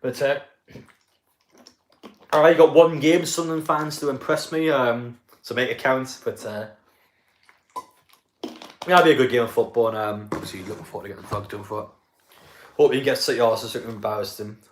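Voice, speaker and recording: A man talks loosely over a live football match on his stream, swearing, laughing and chatting to his viewers. His voice sits at an ordinary middle pitch. It is recorded on a desk mic in an echoey room. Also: steady tone, a little fast, long pauses, slight background noise. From North East England.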